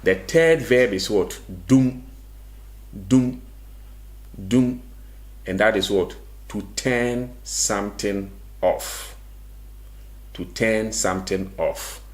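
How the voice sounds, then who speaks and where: A man teaching a language lesson, repeating each word patiently and asking questions that he then answers himself. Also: low-pitched.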